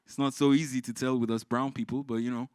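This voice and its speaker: A man from Iran doing live stand-up, telling stories with swearing and shouted punchlines. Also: medium pitch, quick pace, dry recording. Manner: animated, swearing, exclaiming punchlines. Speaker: stand-up comedian. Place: live comedy stage.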